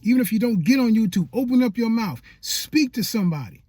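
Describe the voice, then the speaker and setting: A man's voice: very high voice, lively intonation, fairly quick, dark tone, slightly rough, dry recording, studio quality. A man giving a faith-based motivational talk as a YouTube coach, emphatic and repetitive like a preacher.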